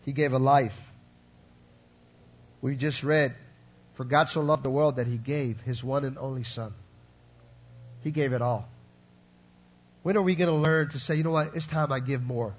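A man's voice: mid-range voice, steady tone, normal speed, long pauses, breathy edge, dull audio. A man preaching a sermon to his congregation in a conversational way, checking in with asides to the listeners. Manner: conversational preaching, frequent "right?" and "you follow?" asides. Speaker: pastor.

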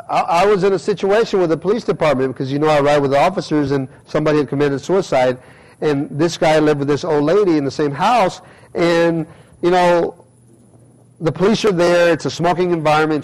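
A man's voice: fairly high pitch, a little fast, darkish tone, low-quality recording. A middle-aged male pastor giving a conversational sermon, acting out everyday quotes as he preaches.

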